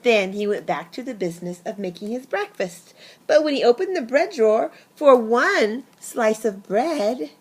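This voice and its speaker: A woman reading a picture book aloud to children, expressive and pausing to ask her listeners questions. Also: a little high, slightly rough. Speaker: storybook reader.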